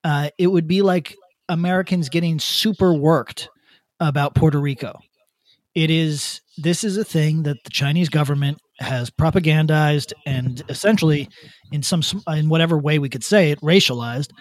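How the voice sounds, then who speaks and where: A man co-hosting a podcast, ranting bluntly with swearing and halting restarts. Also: fairly high pitch, no echo. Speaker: podcast co-host. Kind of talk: casual opinion rant.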